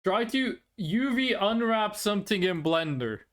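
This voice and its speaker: A VTuber streamer chatting casually and playfully with viewers during a live stream, quick to laugh. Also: mid-range voice, animated.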